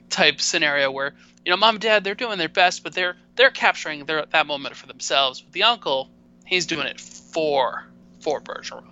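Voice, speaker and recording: Brief: male co-host, sharp bright tone, rambly and self-deprecating, lo-fi mic. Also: a little high, moderate pace, a little hiss or hum. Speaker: podcast co-host. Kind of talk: casual hockey chat. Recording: dull, muffled mic sound.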